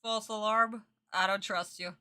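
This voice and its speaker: A young woman reacts to a dubbed cartoon on a stream in casual, exasperated chat with plenty of swearing and laughter. Her voice is bright and forceful, at a middle pitch for a woman. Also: fairly even intonation, measured pace, clean tone. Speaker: streamer reacting to an anime dub.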